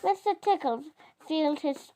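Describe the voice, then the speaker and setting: A child reading a picture book aloud, halting and often stumbling over words and correcting itself. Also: sits high, lively intonation, warm tone. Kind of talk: storybook reading.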